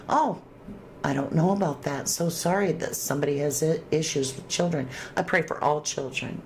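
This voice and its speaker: Hosting a true crime livestream, this woman speaks in a low voice at a moderate pace, with a little background noise audible. She reads out viewer comments, chats in a relaxed way, and calls her viewers affectionate names as she thanks them.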